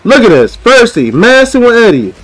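Aggravated man streamer, high voice, profane repetitive gameplay rant. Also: big pitch swings, moderate pace, a bit bright, no echo, soft background music, poor audio. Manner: frustrated ranting, repeats himself, profane. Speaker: gaming streamer. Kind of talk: live gameplay commentary.

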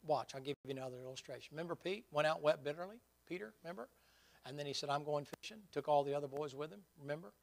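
A man's voice: on the high side, rapid-fire, gravelly. A man preaching a sermon in a folksy, vivid storytelling manner.

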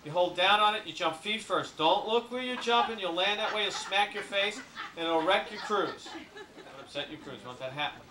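A man giving a comic cruise ship briefing to an audience, full of deadpan jokes and asides. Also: sits high, moderate pace, far from the mic, background noise. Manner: jokey deadpan patter with asides. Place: ship lounge. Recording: echoey room, camcorder from afar.

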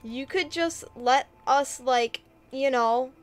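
A woman's voice: sits high, takes it slowly, soft background music. A woman streaming a game, chatting casually in a bubbly, giggly way while reading chat aloud.

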